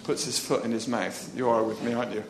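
A man's voice: mid-range voice, flat delivery, fast, over a noisy crowd. A man preaching a chatty, jokey sermon, laughing often and acting out the voices in the story. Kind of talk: lively sermon. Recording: echoey room with faint ambience.

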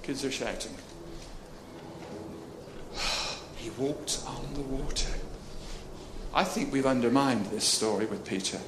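Jokey preacher in an echoey hall. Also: male voice, medium pitch, takes it slowly, long pauses, background noise. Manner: jokey, chatty, laughs while preaching, acts out voices. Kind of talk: lively sermon. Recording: echoey room with faint ambience.

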